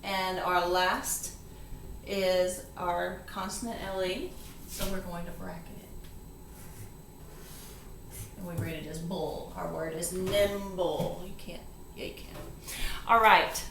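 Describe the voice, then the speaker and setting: A woman's voice: on the low side, steady tone, vocal fry. A woman reading tutor giving a step-by-step phonics lesson, patiently sounding out and spelling each word. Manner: patient, slow and deliberate, sounding out syllables. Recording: echoey room, distant mic, faint hiss.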